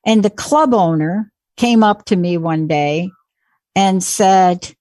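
A woman in her forties, a guest speaker telling an animated, motivational story. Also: mid-range voice, slow pace, no echo. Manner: animated, acts out quoted voices.

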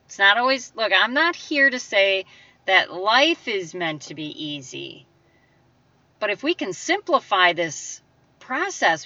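A woman's voice: mid-range voice, sharp tone, dry recording, far from the mic, lo-fi sound. A woman giving an emphatic motivational talk in a conversational way, acting out the voices she quotes. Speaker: motivational speaker. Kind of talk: motivational monologue.

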